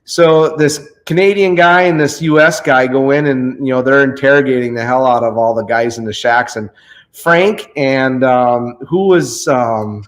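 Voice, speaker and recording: A man's voice: medium pitch, a little slow, rough recording. A man hosting a casual chat, telling a rambling fishing story and often stopping to search for names. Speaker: host.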